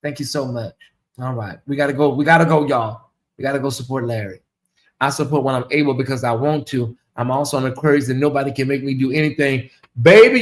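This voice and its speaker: A man hosting a casual livestream, reading viewer comments aloud and stretching out questions slowly for effect. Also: fairly high pitch, fairly bright tone. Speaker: livestream host.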